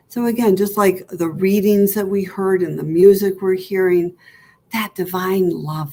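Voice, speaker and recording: An American woman minister guides a meditation in a slow, soothing voice. Her tone is slightly husky and a little low, and at times it sinks to a breathy whisper. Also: darkish tone. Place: church hall.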